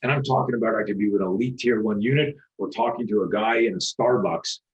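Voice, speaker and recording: Man, 60s, podcast guest. Low-ish, animated, profane storyteller. Muffled lo-fi recording. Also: fast. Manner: animated, profane, acts out quoted voices. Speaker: podcast guest, self-defense instructor. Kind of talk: storytelling interview talk. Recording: dull lo-fi recording.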